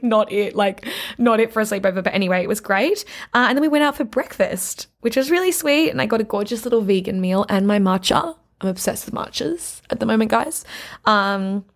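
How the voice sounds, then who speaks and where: A woman vlogging to camera from a craft room, chatting in a bubbly, gushing way with playful asides. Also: a little high. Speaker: vlogger and podcast host. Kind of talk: casual chat to camera. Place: her mother's craft room, indoors.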